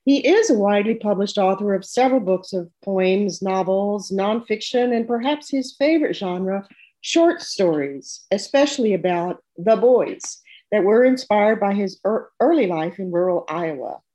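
An older American woman hosts an interview show and chats easily with her guest. She often restarts her sentences as she talks. Her voice sits at a middle pitch for a woman. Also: animated, moderate pace, mellow, poor audio. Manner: chatty, with frequent restarts. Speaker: show host. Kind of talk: casual interview chat.

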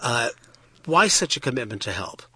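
A man's voice: medium pitch, sing-song, moderate pace, sharp tone, husky, no room sound. A man hosting a broadcast interview with students, effusive and repeating words for emphasis. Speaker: interview host.

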